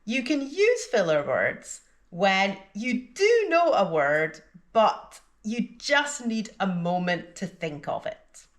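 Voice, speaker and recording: A woman gives an English lesson, speaking slowly and deliberately from a script and exaggerating the intonation of her example sentences. Her voice is medium in pitch and swings widely up and down.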